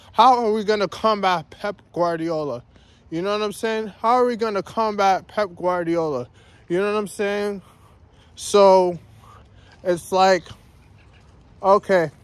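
Guy with a pretty high voice going off in a walk-and-talk vlog, keeps saying guys, repeats himself a lot. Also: no echo. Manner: repetitive, ranting, says "guys" constantly. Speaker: vlogger. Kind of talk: walking vlog rant. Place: outdoors, walking around his neighborhood.

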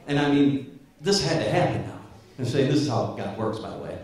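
A man in his fifties tells stories from the stage, lively and chuckling as he goes. His voice rings through a large, echoey hall, picked up from a distance. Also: mid-range voice, a little fast. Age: 50s. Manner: storytelling, animated, chuckling through anecdotes. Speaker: guest speaker. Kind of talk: motivational speech.

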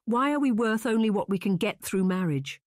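A woman narrator voicing a spirited, gentle young woman who soothes her sister, in an audiobook reading. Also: medium pitch, expressive, normal speed, no echo, clean studio sound, pitched above the performer's own voice, lightly acted. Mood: indignant. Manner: gentle, then indignant.

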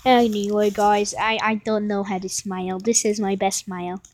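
A woman giving rambling, excitable gameplay commentary and chatting to her viewers. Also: mid-range voice, moderate pace. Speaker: gaming vlogger.

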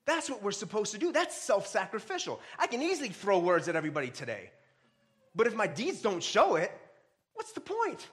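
A man preaching a sermon, reading scripture aloud and breaking into casual jokes and sudden loud, rising exhortations. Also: high-pitched, big pitch swings, brisk. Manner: reads scripture aloud between asides. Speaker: pastor.

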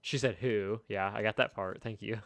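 A young man with a fairly low voice rambles through a casual story, chuckling now and then between thoughts. Faint video game gunfire pops in the background. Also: steady tone, moderate pace, creaky, slight background noise. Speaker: streamer. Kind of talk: casual chat while gaming.

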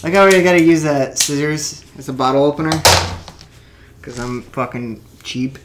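A man in his twenties mutters a rambling, casual monologue to himself into a desk mic while assembling a toy kit, tossing in jokey asides and swearing along the way. His voice is on the high side and moves at a moderate pace, and the recording is very noisy.

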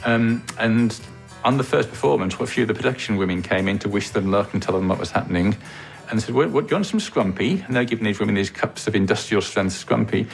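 A man's voice: fairly low pitch, fairly even intonation, quick pace, creaky, faint music behind. A man in an interview telling an amused backstage story, with many ums and uhs. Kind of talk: reminiscing interview.

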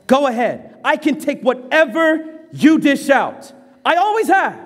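A man's voice: very high voice, sing-song, unhurried, voice pushed up, exaggerated voice. A man voicing a defiant young schoolboy who sneers and talks tough before breaking down in tears. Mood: sneering. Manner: sneering and cocky, later pleading in tears. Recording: reverberant church hall.

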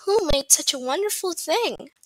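A woman's voice: very high-pitched, animated, normal speed, no room sound, voice pushed up. A woman voicing a kind grown fashion designer who gushes with admiration in a storybook reading. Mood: admiring.

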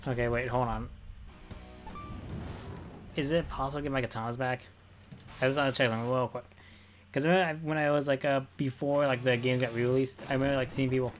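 Brief: casual male streamer, mid pitch, chatty, swears, faint game music behind. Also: fast, long pauses. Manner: excitable, repeats phrases, swears freely. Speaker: gaming streamer. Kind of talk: casual gameplay commentary.

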